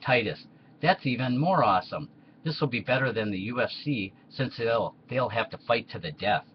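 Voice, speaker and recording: A man's voice: mid-range voice, animated, moderate pace, lo-fi sound, slight background noise, natural voice. A man voicing Titus as an eager young Roman son in a comedy skit.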